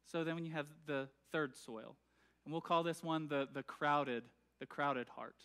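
A man's voice: fairly high pitch, measured pace, pushed and bright, clean tone. A man preaching a sermon in a church, talking in a conversational way with many fillers and restarts and often checking that the congregation follows. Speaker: pastor. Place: church sanctuary.

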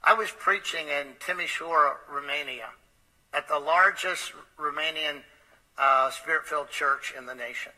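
Man, preacher, storytelling sermon, fairly high voice, tense bright tone, hesitant fillers. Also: moderate pace, poor audio. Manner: conversational, hesitant with frequent uh fillers.

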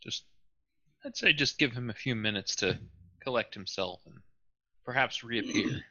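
A man's voice: medium pitch, expressive, normal speed, pushed and bright. A man playing in a tabletop game, speaking in character in a cautious, hesitant way. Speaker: player. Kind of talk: in-character tabletop role-play. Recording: dull, lo-fi mic.

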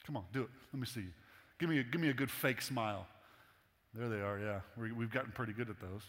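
A man's voice: mid-range voice, fast, a bit bright. A man preaching a sermon in a casual, humorous, conversational way to a congregation in a church. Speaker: pastor. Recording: long hall reverb.

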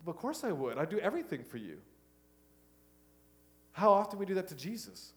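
A middle-aged man preaching a sermon, switching between loud exhortation and quiet, hushed asides. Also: high-pitched, very animated, a little fast. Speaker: pastor.

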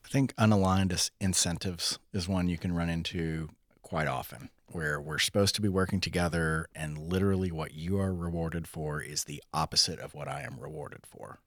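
A man with a very deep voice chats casually, agreeing often and offering plain business examples. The recording is dry. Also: normal speed, fairly bright tone, no room sound. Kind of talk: conversational discussion.

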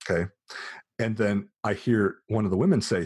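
A man's voice: on the low side, moderate pace, husky, no echo, clean studio sound. An American man in his forties, hosting a podcast and telling a personal story in a casual chat, acting out the voices of the people in it. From United States. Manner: animated storyteller who acts out quoted voices. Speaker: podcast host.

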